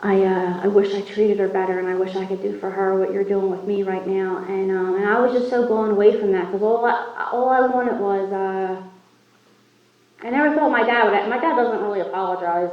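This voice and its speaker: Woman, recovery meeting speaker, candid personal story, self-mocking, muffled lo-fi sound. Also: medium pitch. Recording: echoey hall, far from mic, muffled.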